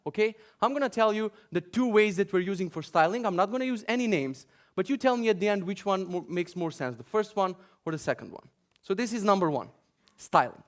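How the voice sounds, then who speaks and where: Guy from macedonia ranting and joking at a tech conference, a bit higher voice. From North Macedonia. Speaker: conference speaker. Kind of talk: conference talk. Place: conference hall.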